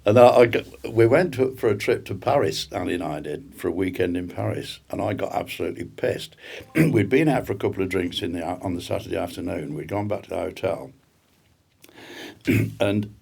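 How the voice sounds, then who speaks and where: An older man, a podcast guest, telling rambling anecdotes in casual chat, often clearing his throat and chuckling. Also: deep voice, darkish tone.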